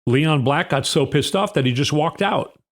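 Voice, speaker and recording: A man's voice: a little high, normal speed. A man hosting a casual political commentary, reading news excerpts aloud with conversational asides.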